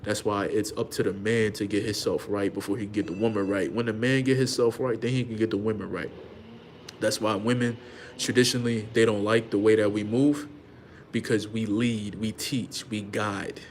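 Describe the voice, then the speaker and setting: A man hosting a comedic rant in an animated, slangy, conversational way. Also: fairly low pitch, fairly quick, a little hiss or hum. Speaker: host.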